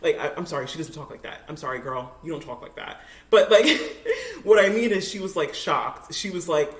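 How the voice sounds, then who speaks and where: A woman's voice: low-pitched, sing-song, normal speed, roomy sound. A young woman telling a casual story while she cooks in her home kitchen. She talks in a chatty, giggly way, full of likes and ums, and is picked up by a camera on a makeshift tripod. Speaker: cooking vlogger.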